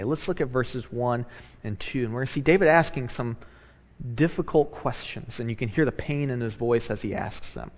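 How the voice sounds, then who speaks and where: A pastor preaches conversationally, swinging between hushed moments and loud, animated stretches and repeating phrases to drive points home. His medium-pitched voice echoes with a big-room sound.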